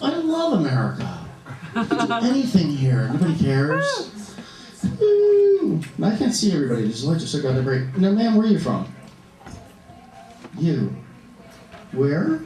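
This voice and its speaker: A man doing stand-up comedy in a comedy club, camp and animated, bantering with the audience. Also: a little high. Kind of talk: stand-up comedy with crowd work. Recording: echoey club heard from a distance, audience laughter. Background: audience laughing.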